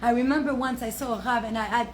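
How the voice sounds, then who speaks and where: A woman's voice: a little high, steady tone, fast, a little hiss or hum. A young woman from the south of France, teaching a Torah class to a live audience. She tells stories with animation, laughs often and mixes in Hebrew and Yiddish terms. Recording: roomy echo, faint ambience.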